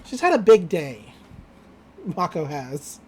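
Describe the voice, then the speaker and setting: A woman's voice: low voice, very animated, takes it slowly, darkish tone, breathy edge. A young woman co-hosting a podcast, chatting casually and rambling through an episode recap. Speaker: podcast co-host.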